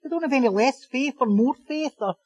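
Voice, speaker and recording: A man preaching a sermon as pastor, animated and joking, repeating phrases for emphasis. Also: very high voice, brisk, dry recording, poor audio.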